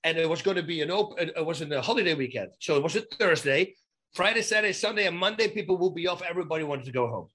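A man with a fairly high, forceful and bright voice chats as an interview guest. He tells anecdotes with plenty of restarts and emphatic asides, in a relaxed, conversational way. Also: fast talker, slightly rough. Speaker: guest, former fighter turned actor. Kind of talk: casual storytelling interview.

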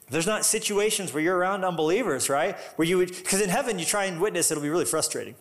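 A man preaching a sermon in a lively, conversational way. His voice sits a little higher than most men's. He breaks into loud, emphatic runs. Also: fast talker, few pauses. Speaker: pastor.

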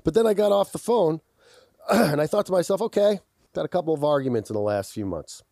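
A man co-hosting a podcast in casual chat, with an intense, aggressive way of talking when he gets into something, and quick to laugh. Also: a little high, animated, gravelly, dark tone, no room sound, clean studio sound. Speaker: podcast co-host.

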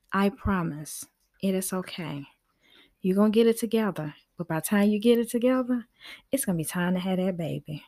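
A woman's voice: mid-range voice, a little mellow. A woman hosting a podcast from her office, talking casually and reassuringly to her listeners and often laughing as she goes. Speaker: podcast host and parenting coach.

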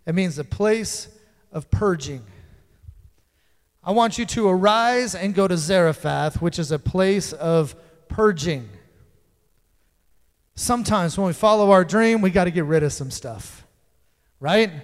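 A man delivers a sermon to his congregation, teaching conversationally and dropping playful asides as he goes. His voice sits high and rings clean. The sound carries a long hall reverb. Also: unhurried, long pauses. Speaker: pastor.

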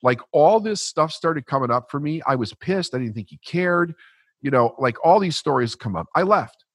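Man, husky, dry close sound; blunt, animated, swears freely. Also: a little high, moderate pace, no echo. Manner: blunt, profane, animated storytelling. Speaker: podcast guest. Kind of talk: storytelling in conversation.

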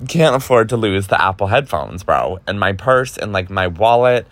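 A young man in his twenties tells a personal story in a loose vlog style. He talks in an animated way, with many fillers and curses, and acts out the voices of the people in his story. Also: fairly low pitch, moderate pace, few pauses, no room sound. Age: 20s. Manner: animated, lots of fillers and swearing, acts out quotes. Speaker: vlogger. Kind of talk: casual storytelling.

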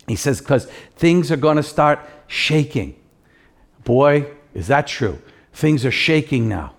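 A man preaching a sermon, pleading earnestly with his listeners and swinging between loud appeals and soft, low passages. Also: animated, slow, gravelly. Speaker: pastor.

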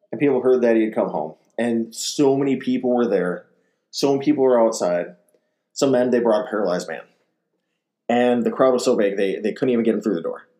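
A man giving a conversational sermon, retelling gospel stories in a casual way and acting out the quotes. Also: mid-range voice. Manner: animated, acts out quotes, casual fillers. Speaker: ministry speaker.

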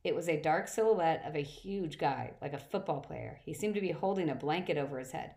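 A woman narrating a first-person adventure story with a fairly low voice. She reads steadily, now and then stumbling and restarting a phrase. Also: fairly quick. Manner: steady reading with occasional slips and restarts. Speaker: audiobook reader.

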